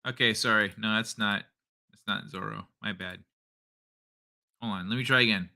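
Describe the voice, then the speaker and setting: Male streamer host with a very bright voice, relaxed and foul-mouthed late-night chat. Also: fairly low pitch, normal speed, gravelly. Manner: loose and profane, reading chat aloud.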